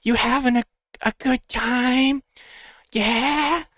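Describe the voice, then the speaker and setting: A man's voice: very high-pitched, fairly even intonation, takes it slowly, fairly bright tone, no echo, voice pushed up, heavily acted. A man voicing a drunk man at a party who rambles and leans in close to talk. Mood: tipsy friendly.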